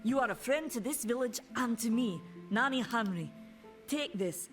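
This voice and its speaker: A woman's voice: on the high side, lively intonation, natural voice. An actress voicing a grateful village woman who keeps a shop in a fantasy game, speaking formally. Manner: formal, measured. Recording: game audio with music behind.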